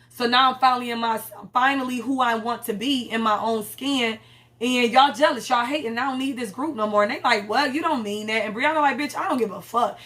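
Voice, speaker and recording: A woman talks through a TV episode, casual and unfiltered, with heavy profanity and blunt opinions. Her voice sits a little high, and she acts out the characters as she retells scenes. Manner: blunt, profane, animated storytelling with quoted voices. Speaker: TV recap host.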